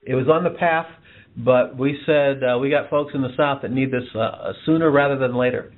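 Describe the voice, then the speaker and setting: A man's voice: mid-range voice, fairly even intonation, normal speed. A man who works for the company, patiently explaining plans and reassuring a partner over a tinny phone line. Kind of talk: phone conversation.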